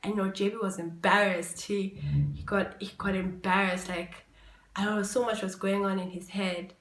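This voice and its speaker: A young woman hosting a podcast, telling a personal story in a casual, animated way. She swings from quiet to loud exclaiming and swears freely. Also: medium pitch, moderate pace. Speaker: podcast host. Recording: echoey room.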